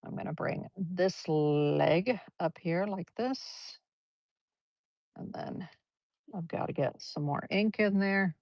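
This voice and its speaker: A female art teacher with a low, gravelly voice gives a live painting lesson, taking it slowly as she chats, encourages, and walks through each brushstroke. Her livestream audio is dull, lo-fi, and dry, with no room echo.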